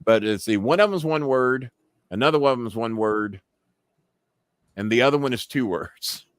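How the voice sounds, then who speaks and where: A man's voice: mid-range voice, animated, normal speed, smooth, no echo. A man hosting a casual live stream, cursing freely and laughing as he reads messages aloud. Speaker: host.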